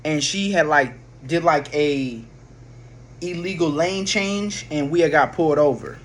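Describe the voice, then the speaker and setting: Man, slightly high voice, loose profane storytelling full of slang and false starts, faint hiss behind. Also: unhurried. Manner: rambling, profane, with slang and restarts. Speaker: vlogger. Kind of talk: casual storytelling.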